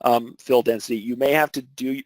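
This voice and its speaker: A man's voice: medium pitch, steady tone, a little fast, no room sound, rough recording. A man teaching an embroidery webinar, explaining technique step by step with filler words and restarts. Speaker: embroidery instructor.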